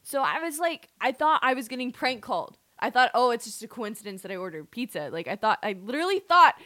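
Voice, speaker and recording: Young woman dj, giggly and animated, a bit high, dry sound. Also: fast talker, no echo. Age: young adult. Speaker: radio DJ. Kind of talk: casual chat.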